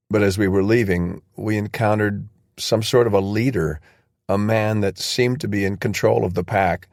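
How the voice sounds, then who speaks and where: A man reading a calm battle-worn soldier. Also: on the low side, no room sound, studio quality, close to an everyday voice.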